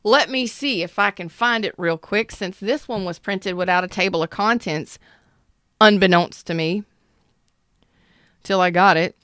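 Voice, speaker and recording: A woman talks through a tarot reading to her chat in a blunt, animated way, dropping curses and slang. Her voice is smooth and clear, recorded dry and close with no room sound. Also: medium pitch, unhurried, dry recording. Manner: blunt, swearing, animated Southern-style slang. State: clearing throat after a cough. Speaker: tarot reader. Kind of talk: casual livestream tarot reading.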